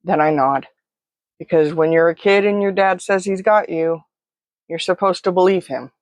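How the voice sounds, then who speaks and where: A woman's voice: on the low side, fairly even intonation, moderate pace, no room sound. A woman telling a first-person story in a vivid, present-tense, close way. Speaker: narrator.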